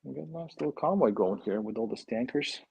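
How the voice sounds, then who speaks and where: A man chats casually to his live-stream viewers while building, thinking aloud and getting excited as he goes. His voice is gravelly and a bit husky, at a middling pitch. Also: quick pace. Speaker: live-stream host building a toy kit.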